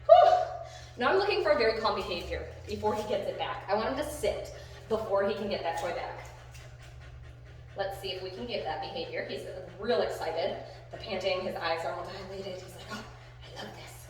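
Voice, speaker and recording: Lively woman dog trainer, echoey and distant. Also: brisk. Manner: bursts of excited, high-pitched praise between calm explaining. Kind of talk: live training demonstration with commentary. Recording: very echoey room, voice from far off the mic.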